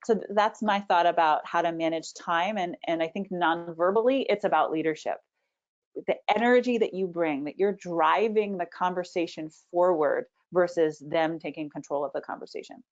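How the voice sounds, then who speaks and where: A woman who coaches public speaking, answering questions on a webinar with a confident, animated delivery and playing with her intonation. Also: fairly low pitch, moderate pace. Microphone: video call. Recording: slightly dull video-call audio.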